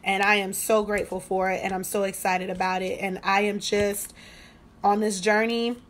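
Woman, devotional host, conversational, testimonial, medium pitch. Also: flat delivery, moderate pace. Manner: conversational, testimonial, repeats phrases for emphasis. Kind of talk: devotional teaching.

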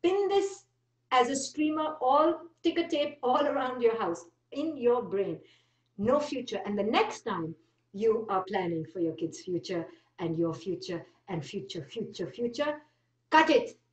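A woman with a rather high voice delivers an emphatic spiritual talk, hammering her points home in short, repeated statements. Her voice rings in an echoey room and sounds a little distant from the mic. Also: lively intonation, a little slow. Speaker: speaker. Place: speaking virtually.

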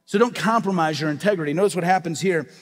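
A man's voice: fairly high pitch, quick pace, long reverb tail. A male pastor preaching a sermon with emphatic, repeated rhetorical questions. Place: church sanctuary.

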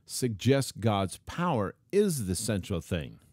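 Emphatic preacher man, low dry voice. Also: big pitch swings, slow, darkish tone, no room sound. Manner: emphatic, repeats key phrases, reads scripture aloud. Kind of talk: sermon teaching.

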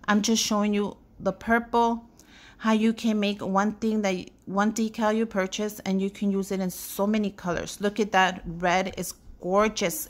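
A young adult woman hosting a craft tutorial, walking through steps and gushing enthusiastically over how the result looks. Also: medium pitch. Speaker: craft channel host.

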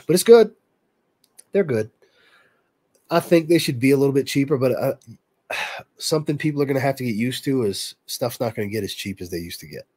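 A man's voice: mid-range voice, expressive, moderate pace, pauses often, darkish tone, slightly rough, dry recording. A man with a stuffy, nasal, congested voice, answering viewer questions in casual livestream chat. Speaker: livestream host.

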